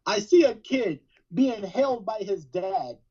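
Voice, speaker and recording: A man's voice: sits high, expressive, takes it slowly, dark tone, slightly rough. A man co-hosting a podcast, telling stories casually with frequent restarts. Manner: storytelling with repeated restarts. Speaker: podcast co-host. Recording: dull lo-fi sound.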